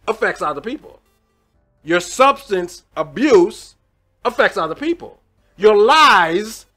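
High-voiced preaching man, bright. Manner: preaching with sudden loud outbursts and quiet asides; colloquial, addresses the congregation as y'all. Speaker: pastor. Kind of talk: sermon.

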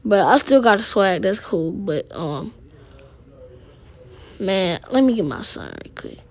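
Slow, slangy woman vlogger. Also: medium pitch, sing-song, a little mellow. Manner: slangy, rambling, talks to viewers. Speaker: gaming vlogger. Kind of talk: casual game commentary with role-play.

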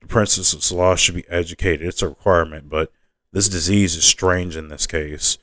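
A man's voice: low voice, steady tone, normal speed, a bit bright, no echo. A man doing a haughty, lecturing young princess.

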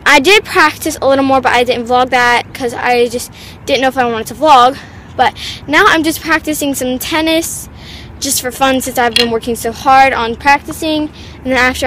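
A teenage girl talks to her camera outdoors, rambling casually from one thought to the next. Her voice sits high, and there is faint noise in the background. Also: fairly bright tone. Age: teens. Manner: chatty, rambling. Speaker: vlogger. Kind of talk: casual vlog. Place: outdoors by a tennis court.

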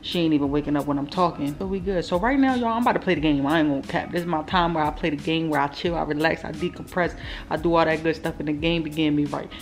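A woman's voice: low voice, fast talker. A young woman and mother chatting casually to viewers at home, slangy and laid-back, talking straight to the camera. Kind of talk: casual home vlog chat. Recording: echoey room with long reverb, faint music.

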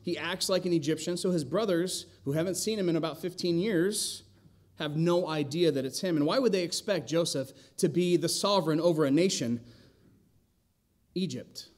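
A pastor preaching an expository sermon in a church, talking conversationally with the congregation. He tosses out rhetorical questions and wry asides in a slightly higher male voice. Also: moderate pace, a little mellow. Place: church sanctuary.

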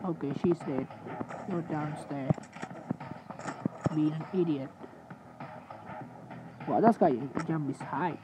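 A man giving sleepy, swear-filled gaming commentary, trash-talking opponents and mocking himself, with loud game noise underneath. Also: on the high side, fairly even intonation, takes it slowly, long pauses. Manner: sleepy, swearing trash talk with self-mockery. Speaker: gamer. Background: loud game sounds.

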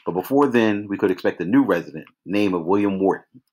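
A man reading a novel aloud at a measured pace, now and then restarting a phrase. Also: deep voice, expressive, darkish tone. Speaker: reader. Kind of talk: read-aloud novel narration.

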